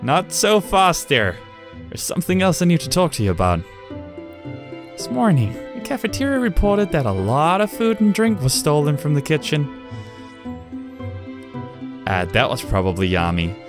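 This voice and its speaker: A calm, measured doctor from a game, voiced by a man. He speaks dryly with a teasing edge, moving a lot in pitch over faint music. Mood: stern. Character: calm older male doctor.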